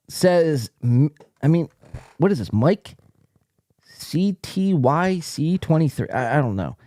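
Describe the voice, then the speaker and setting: A man's voice: a little high, big pitch swings, takes it slowly, dark tone, no room sound. A male podcast host giving casual, profane, mocking commentary while reading out online posts. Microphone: desk mic, acting up.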